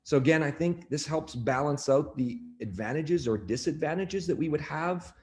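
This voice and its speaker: A man, an athletic coach, talking on a podcast, telling stories in a lively way full of fillers and restarts. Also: fairly high pitch, moderate pace. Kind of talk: podcast conversation.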